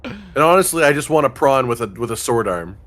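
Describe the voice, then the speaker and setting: A man's voice: medium pitch, very animated, a little fast, fairly bright tone. A man co-hosting a gameplay video, dry and reasoning things through with hesitant restarts. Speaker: gaming channel co-host. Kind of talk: casual gameplay banter.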